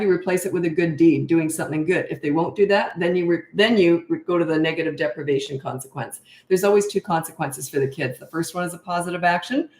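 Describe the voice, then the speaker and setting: A woman's voice: on the low side, darkish tone, reverberant. A middle-aged woman parenting coach answering viewer questions on a live stream, blunt and emphatic, often repeating words for stress.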